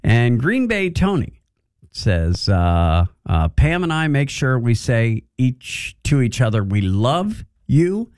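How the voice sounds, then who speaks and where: A man's voice: medium pitch, sing-song, slow, a little mellow, no room sound, clean studio sound. A man hosting a morning radio show, chatting casually and laughing easily. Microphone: studio mic.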